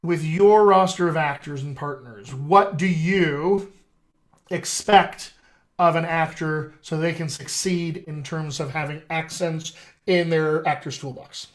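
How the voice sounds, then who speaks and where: A man's voice: a little high, a little slow. Chatty man hosting as a dialect coach. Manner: chatty, upbeat, folksy asides. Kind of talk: casual live-stream chat.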